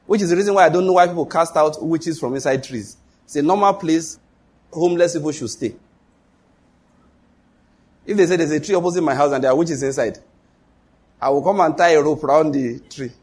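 A man preaching a sermon as pastor, emphatic, asking rhetorical questions and leaping up in pitch for exclamations. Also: brisk, pauses often, darkish tone, slightly rough.

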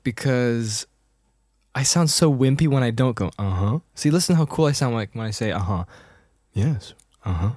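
A man's voice: medium pitch, moderate pace, darkish tone, no room sound. Male podcast co-host, playful and jokey, dry close mic. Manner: playful, laughs often, jokey asides. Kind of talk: casual chat.

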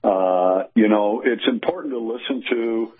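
A man's voice: lowish voice, a little slow. A man co-hosting a talk radio show, earnest and agreeing. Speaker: radio co-host. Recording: thin phone-line radio audio.

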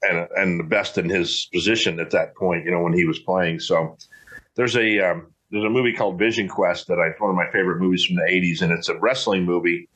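Middle-aged guy, lowish voice, rambly folksy chat, lots of restarts. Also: steady tone, fairly quick, fairly bright tone. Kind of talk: casual chat.

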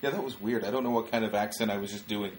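A man with a low-pitched voice chatting loosely as a podcast co-host, trailing off and filling pauses as he goes. He sounds middle-aged and unhurried, and a faint hiss of noise sits under the recording. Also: fairly even intonation. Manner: loose and rambling, with frequent filler words. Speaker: stand-up comedian, podcast co-host. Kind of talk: casual chat.

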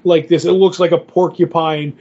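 A man's voice: on the high side, flat delivery, moderate pace, warm tone, lo-fi sound. A man co-hosting a podcast, retelling a comic story in a rambling way, full of fillers and paraphrased dialogue. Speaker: podcast co-host. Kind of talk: casual comic book podcast recap.

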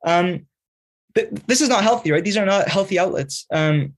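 In an interview, a magazine writer with a high, animated voice responds at a moderate pace. He explains his ideas earnestly and at length in a lecturing way, often adding "right?" to check in.

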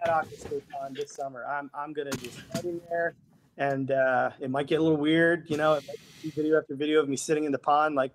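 A man's voice: fairly high pitch, steady tone, fast talker, a little hiss or hum. A man co-hosting a podcast, chatting casually, laughing often and filling gaps with "you know.". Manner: laughs often, many fillers. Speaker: podcast co-host, reptile keeper. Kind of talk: casual chat.

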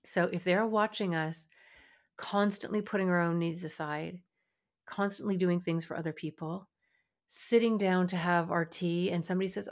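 A woman hosts a parenting podcast in an earnest, motivational way, her voice sitting a little low. She often slips into short acted-out lines of what a parent might say to a child. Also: fairly even intonation, normal speed. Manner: earnest, acts out parent dialogue. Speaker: podcast host and parenting coach.

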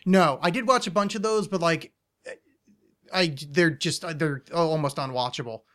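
Higher-voiced rambling male podcast host. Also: fairly bright tone. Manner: rambling, self-deprecating, halting restarts. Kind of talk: casual podcast chat.

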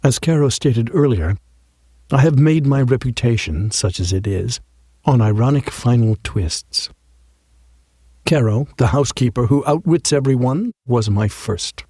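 A man narrating an audiobook in a wry, measured way, close to a studio mic. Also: medium pitch, dark tone, slightly rough, no room sound.

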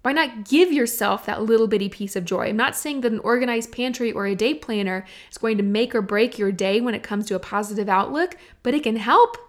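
A woman's voice: on the high side, brisk, hardly any pauses. A young adult woman, hosting a solo podcast in a chatty, earnest way that speaks directly to listeners. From Texas. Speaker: podcast host. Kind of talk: casual solo podcast talk.

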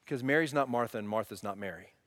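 A male pastor preaching conversationally, often restarting phrases, swinging between loud emphasis and quiet, soft moments. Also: mid-range voice, quick pace, in a large hall. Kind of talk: sermon.

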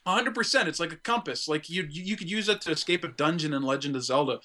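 Man, podcast host, excitable, crude casual chat, bright voice. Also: on the high side, quick pace. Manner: excitable, jumps into silly put-on voices.

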